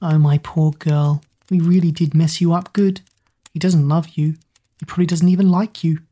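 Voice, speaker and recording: A woman's voice: deep voice, fairly even intonation, moderate pace, dark tone, slightly rough. A woman voicing a cruel, scheming Witch Queen who mocks and gloats over her captives in a storybook reading. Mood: mocking. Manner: mocking, gloating.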